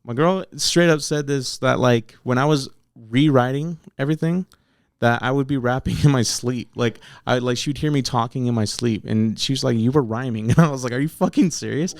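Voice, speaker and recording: A man's voice: medium pitch, brisk, no room sound, clean studio sound. A man talking bluntly and swearing a lot as he tells a story in a casual interview. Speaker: battle rapper guest.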